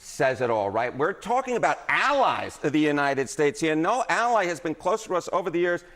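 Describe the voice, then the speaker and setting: A man on a news broadcast walking through poll numbers in a brisk, explanatory way. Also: fairly high pitch, very animated, fairly bright tone. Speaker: polling analyst. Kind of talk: news analysis segment.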